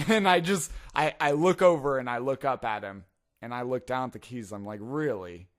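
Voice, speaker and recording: A man's voice: medium pitch, a little fast. Young guy on a podcast, casual storyteller, cusses a lot, laughs through his stories. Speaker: podcast co-host. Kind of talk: casual chat.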